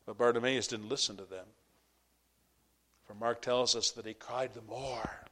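Slow impassioned male preacher. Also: medium pitch, steady tone. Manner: impassioned, swinging between loud peaks and hushed drops. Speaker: pastor. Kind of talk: sermon.

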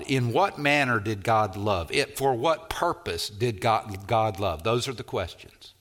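Slow, emphatic low-voiced preacher man. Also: expressive, fairly bright tone. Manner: emphatic, repeats key phrases, leans hard on single words. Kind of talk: expository sermon.

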